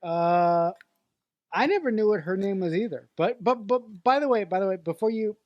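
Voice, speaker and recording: A woman's voice: mid-range voice, dry recording, highs cut off. A woman co-hosting a podcast in a casual movie review chat, playful and joking. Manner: playful, quick to laugh, joking. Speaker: podcast co-host.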